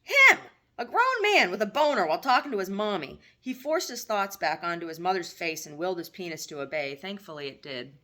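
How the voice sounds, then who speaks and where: A woman author reading her own novel aloud in steady, wry audiobook narration. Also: on the low side, a little fast.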